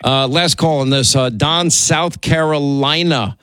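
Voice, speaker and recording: A man hosting a call-in radio show, chatty, tired after a long week, stumbling into quick restarts. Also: fairly high pitch, fairly bright tone, dry recording. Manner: rapid, stammering restarts, chatty. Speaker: radio talk show host. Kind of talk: casual call-in chat.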